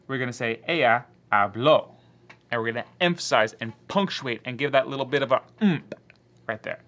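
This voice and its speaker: A male Spanish teacher explains grammar step by step in a patient classroom manner. His voice is bright and carries well, at an ordinary middle pitch for a man. He now and then acts out a student's doubts before answering them. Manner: explains patiently, voicing imagined student objections.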